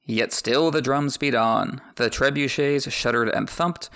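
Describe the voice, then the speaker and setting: A man hosting a chapter-by-chapter book podcast, mixing read-aloud passages with wry jokes. His mid-pitched voice carries a gravelly, creaky texture. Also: measured pace, fairly bright tone. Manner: wry, joking asides. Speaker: podcast host. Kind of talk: chapter recap with read excerpts.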